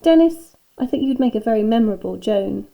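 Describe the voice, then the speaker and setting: A woman's voice: a little high, animated, fairly quick, creaky, phone-quality sound. A woman reading aloud as a prim, haughty woman teacher who adores everything French, in a children's storybook. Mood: gushing.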